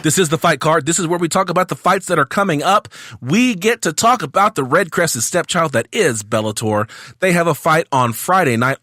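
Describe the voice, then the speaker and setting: A man hosting a casual sports podcast, jokey and energetic, acting out quotes as he goes. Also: on the high side, no room sound, clean studio sound. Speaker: podcast host.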